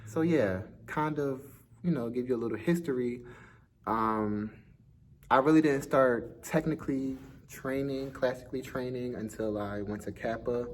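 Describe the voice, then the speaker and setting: A young man from Philadelphia, a dance school owner, speaks to camera in his first vlog with a mid-range voice at normal speed. He has a slight lisp and comes across as chatty, self-conscious, a little nervous, and quick to laugh. There's slight background noise.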